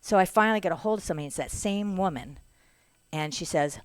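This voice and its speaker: Low-voiced woman telling a story. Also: fast, smooth, no echo. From Canada. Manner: animated storyteller, acts out voices. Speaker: podcast guest. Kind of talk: casual chat.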